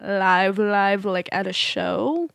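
A woman's voice: mid-range voice, slow pace, vocal fry, fairly bright tone, no room sound, studio quality. A young woman hosting a radio music show, chatting casually and rambling with lots of fillers.

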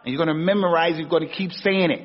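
An American man gives an Islamic lecture in a slightly husky, fairly high voice. He drives his points home by repeating them and pushing his pitch up on rhetorical questions. The sound is dull and carries a long hall echo. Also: fast. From United States. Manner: emphatic, repeats key words, rises sharply on rhetorical questions. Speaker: religious teacher. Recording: dull, echoey hall recording.

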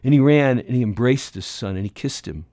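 A man's voice: medium pitch, brisk, mellow, dry recording, clean studio sound. A middle-aged American man giving a conversational teaching talk on evangelism, often restarting his phrases and acting out short dialogues. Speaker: ministry teacher.

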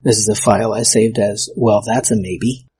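A man's voice: on the low side, fairly even intonation, moderate pace, darkish tone, breathy edge. A man hosting his own podcast solo, talking casually and tripping over his own words with self-mocking humor. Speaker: podcast host.

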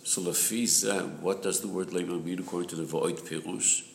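A man's voice: low-pitched, steady tone, moderate pace. A man leading a group study of a religious text, explaining patiently and repeating the key point. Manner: patient, repetitive explaining, clears throat. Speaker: Torah study group leader. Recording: echoey room with background noise.

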